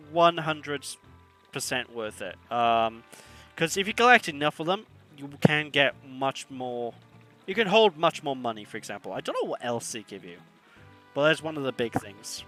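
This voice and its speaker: A man's voice: fairly high pitch, big pitch swings, normal speed, bright, forceful tone, soft background music. A man chatting casually while playing a video game, laughing often and using British slang. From Wales. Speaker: streamer. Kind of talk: casual gameplay commentary.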